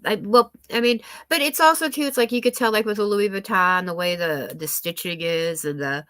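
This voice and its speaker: A woman's voice: medium pitch, normal speed, a bit bright, no echo. A woman chatting casually on her live stream, rambling with lots of fillers and restarts, her nose a little stuffy. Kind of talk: casual chat.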